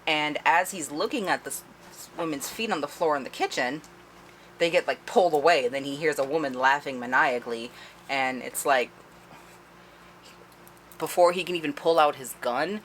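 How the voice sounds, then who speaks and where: Woman, low voice, casual book review, animated, profane. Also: slight background noise. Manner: animated, profane, heavy use of "like".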